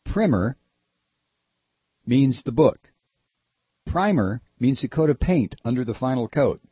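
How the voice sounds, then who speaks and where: A man's voice: medium pitch, fairly quick, slightly rough, dry recording. A middle-aged man hosting a political talk radio show, speaking in an impassioned, emphatic way with many restarts. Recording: dull, lo-fi radio audio.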